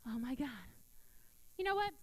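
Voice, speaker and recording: A woman's voice: sits high, lively intonation, normal speed. A woman in her thirties from South Florida, doing a brash, profane stand-up set on a theater stage into a handheld mic. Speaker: stand-up comedian.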